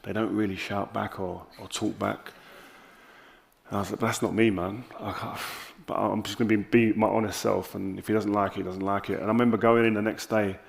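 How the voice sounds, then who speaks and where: South London man, gravelly, fairly low-pitched; candid stage guest spinning animated anecdotes. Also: a little fast. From South London, England. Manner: animated anecdotes with lively quoted dialogue. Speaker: interview guest.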